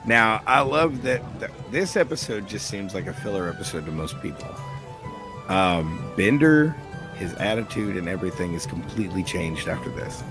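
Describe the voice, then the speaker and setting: A man with a fairly low voice rambles happily about his favourite cartoon, dropping casual swears as he goes. Music plays clearly behind him. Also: moderate pace. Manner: rambling, excitable, swears casually, quotes scenes in put-on voices. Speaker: podcast host.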